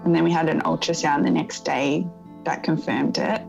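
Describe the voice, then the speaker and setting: A woman in her thirties telling a painful personal story in an interview, in a soft, reflective way that often halts and starts again. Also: sits low, fairly even intonation, gravelly, lo-fi sound, faint music behind. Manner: soft, reflective, halting with restarts. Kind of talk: emotional personal testimony.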